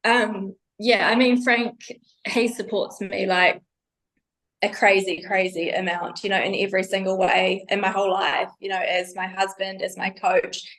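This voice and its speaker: A woman's voice: mid-range voice, level tone, moderate pace, fairly bright tone. Hesitant woman guest searching for words. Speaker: podcast guest, bikini athlete. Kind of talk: casual podcast interview.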